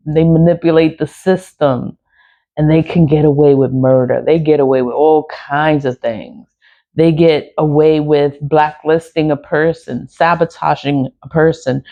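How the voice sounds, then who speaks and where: A woman's voice: low voice, creaky, warm tone, dull audio. A woman vlogger in an unscripted personal rant, swearing often, repeating herself and laughing bitterly. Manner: profane, repetitive, laughing bitterly. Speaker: spiritual vlogger.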